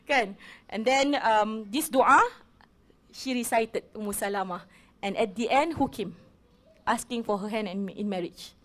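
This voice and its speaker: A woman with a Malaysian accent giving a religious talk to an audience, chatty and switching between English and Malay as she speaks. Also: medium pitch.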